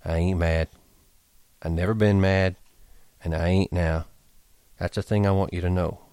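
A man voicing a weary, protective ranch hand who speaks quietly and tiredly in an audiobook reading. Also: low voice, fairly even intonation, moderate pace, clear, resonant tone, no room sound. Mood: quiet soothing.

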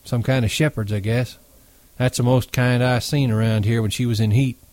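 A man reading aloud and voicing a dignified, unhurried ranch hand who speaks matter-of-factly. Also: medium pitch, no echo, natural voice. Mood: calm. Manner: calm, matter-of-fact.

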